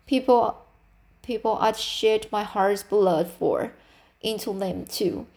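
A woman's voice: medium pitch, slow pace, vocal fry, a little mellow. A woman reading the part of an eager, talkative orphan girl in an audiobook, earnest and confiding.

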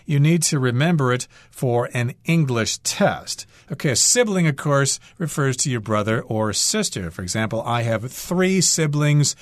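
A man's voice: medium pitch, lively intonation, no room sound. Man explaining English words, patient and dry. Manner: patient, repeats key words slowly. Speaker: English teacher co-hosting a radio lesson. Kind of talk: explaining vocabulary with examples.

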